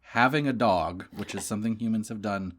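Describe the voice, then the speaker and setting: A man's voice: on the low side, a little fast. A young man co-hosting a casual podcast chat, wry and joking, drifting into rambling asides. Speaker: podcast co-host.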